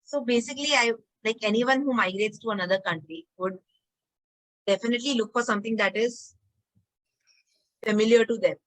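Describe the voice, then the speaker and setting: A woman's voice: a little high, brisk, pauses often, low-quality recording. A woman with an Indian accent, a guest on a podcast, giving frank opinions in casual talk. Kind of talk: casual interview chat.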